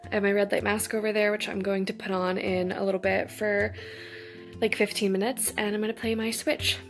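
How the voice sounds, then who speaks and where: A woman's voice: mid-range voice, little pitch movement, brisk, faint music behind. A young woman chatting casually to the camera in a home vlog, bubbly and full of "like". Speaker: vlogger. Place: at home, kitchen and bedroom.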